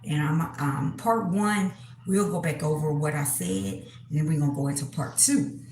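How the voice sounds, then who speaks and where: A woman talks unhurriedly to her viewers, stopping often, filling gaps with fillers and clearing her throat. Her voice sits a little low. The room around her rings with echo, and a faint hiss of ambience lies underneath. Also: normal speed, a little mellow. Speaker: spiritual reader, channel host. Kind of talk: casual monologue to camera.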